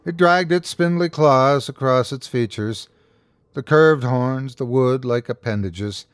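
A man hosting and narrating a scripted horror story in the first person, tense and deliberate. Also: medium pitch, clear, resonant tone, no echo, studio quality. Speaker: host and narrator.

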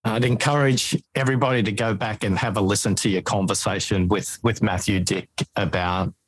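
A man's voice: lowish voice, fairly even intonation, brisk, breathy edge, rough recording. A man speaking as a guest in an interview over a video call, explaining his ideas step by step in lists. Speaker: podcast guest and author on listening. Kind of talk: interview conversation.

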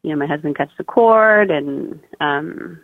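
A woman's voice: low-pitched, measured pace, dry recording. A young woman chatting casually as a podcast guest, full of fillers like "like" and "oh my God.". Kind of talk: casual birth-story interview. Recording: dry tinny phone-like line.

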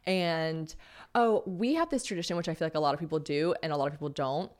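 A young woman hosting a casual solo podcast, chatty and jokey, swearing casually and reading ad copy brightly. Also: sits low, fast. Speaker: podcast host.

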